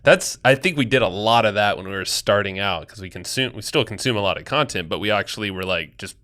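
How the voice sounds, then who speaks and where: A man's voice: lowish voice, quick pace, pushed and bright. A man co-hosting a podcast in casual chat, rambling loosely with restarts and fillers. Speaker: podcast co-host.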